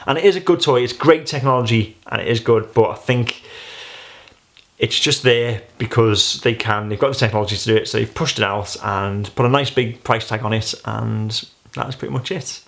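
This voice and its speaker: A man's voice: mid-range voice, normal speed, creaky, fairly bright tone. A man giving a casual, rambling gadget review, chatty and full of filler phrases. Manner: rambling, chatty, many "you know"s.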